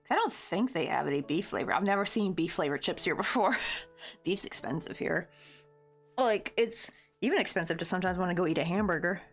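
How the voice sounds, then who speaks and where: A woman's voice: lowish voice, expressive, fairly quick, soft background music. A woman chatting casually with viewers while crocheting, rambling along with lots of "like" and frequent laughter. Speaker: crochet livestreamer.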